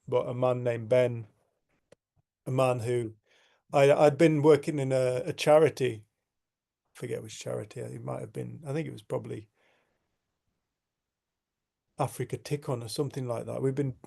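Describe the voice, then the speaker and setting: A man's voice: mid-range voice, steady tone, moderate pace, gravelly, dark tone. A man hosting a community group, telling a heartfelt personal story in an earnest, reflective way with frequent restarts. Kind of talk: storytelling in casual conversation.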